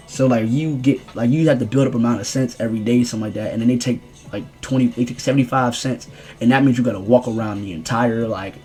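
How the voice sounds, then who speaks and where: A young man rambling through a casual storytime vlog in slangy, animated speech. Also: mid-range voice. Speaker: streamer telling a story.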